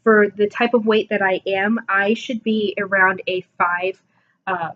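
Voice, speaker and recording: A woman's voice: mid-range voice, fairly even intonation, measured pace, lo-fi sound. A woman in her twenties talking casually to camera about her fitness numbers, chatty and self-deprecating, yawning and a bit sleepy. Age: 20s. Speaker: vlogger. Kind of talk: casual self-assessment vlog.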